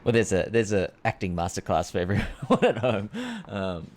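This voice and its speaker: A young man with a very deep voice hosts an interview over a video call from home. He speaks softly and agreeably, encouraging his guest as she talks. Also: normal speed. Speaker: host. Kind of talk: interview talk.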